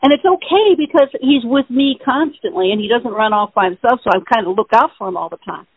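A woman's voice: fairly high pitch, expressive, a little fast, breathy edge, dry recording. A woman hosting a spiritual question-and-answer show by phone, explaining answers at length in an earnest, rambling way. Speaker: host answering listener questions. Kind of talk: casual spiritual Q&A over the phone. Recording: tinny phone line, dry.

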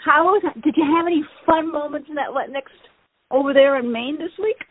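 A woman co-hosting a pet podcast, telling a funny story in a casual, animated way and laughing often. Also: sits high, fairly quick, dry recording. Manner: animated, laughing, acts out voices in her stories. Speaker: podcast co-host. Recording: phone-like, narrow band.

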